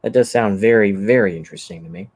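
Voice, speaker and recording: Rambling man, low voice. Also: fast talker, darkish tone, breathy edge. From Texas. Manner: rambling, easygoing, thinking aloud with many fillers. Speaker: channel host. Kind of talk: casual livestream chat reading comments.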